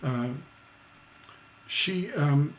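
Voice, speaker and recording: A man's voice: a little high, lively intonation, extremely slow, slight background noise. A man teaching songwriting on a live stream, chatty and rambling, with many fillers and tag questions.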